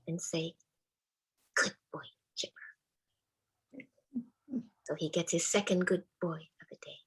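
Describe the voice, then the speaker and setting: A woman storyteller speaks slowly and gently, with a breathy, slightly husky voice. She keeps her telling soft and measured, often sinking into a hushed whisper. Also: fairly low pitch, poor audio. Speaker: storyteller, spiritual care volunteer with a therapy dog. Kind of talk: live personal storytelling.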